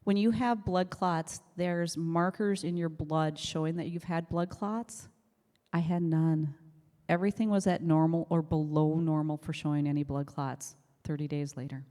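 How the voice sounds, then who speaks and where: A woman with a fairly low voice tells her testimony with animated energy. She acts out the people in her story and laughs often. Her voice rings with long reverb from a church hall. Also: normal speed. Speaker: church member giving testimony. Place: church sanctuary.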